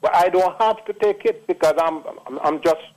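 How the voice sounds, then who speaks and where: Older jamaican man, sixties, phone-in caller, slightly high voice, repetitive emphatic patois storytelling, radio line sound. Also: normal speed, a little mellow, low-quality recording. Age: 60s. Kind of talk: phone-in testimonial.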